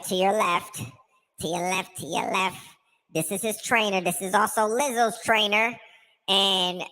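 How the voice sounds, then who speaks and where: A woman's voice: medium pitch, sharp tone, rough recording. A woman co-hosting a podcast, talking in profane street slang and often asking "you know what I mean". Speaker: podcast co-host. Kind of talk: casual conspiracy commentary.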